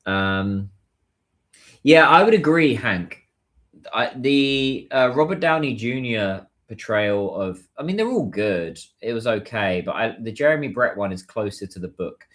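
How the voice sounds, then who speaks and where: A man's voice: fairly low pitch, lively intonation, a little slow, a bit bright. A British man hosting a casual livestream, chatting and answering viewer messages. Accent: British English. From United Kingdom. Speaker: livestream host.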